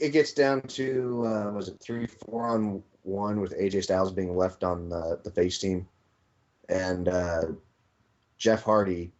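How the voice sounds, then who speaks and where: A blunt man on a casual podcast delivers sarcastic remarks in a lowish voice. The audio is muffled and lo-fi. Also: a little mellow. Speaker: podcast co-host. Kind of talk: wrestling review podcast chat.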